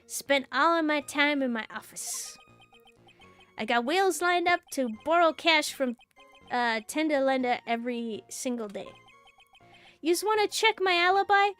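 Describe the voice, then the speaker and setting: Woman putting on a hotheaded male thug, gruff, menacing, rough street talk, game reading. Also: high voice, lively intonation, a little slow, a bit bright, faint music behind. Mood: threatening.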